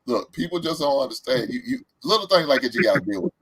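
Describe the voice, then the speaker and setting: A man's voice: medium pitch, expressive, fast, fairly bright tone, slightly rough, rough recording. A man in his forties hosting a podcast, chatting casually in a laid-back, repetitive storytelling way with lots of fillers. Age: 40s. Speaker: podcast host. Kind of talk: casual chat.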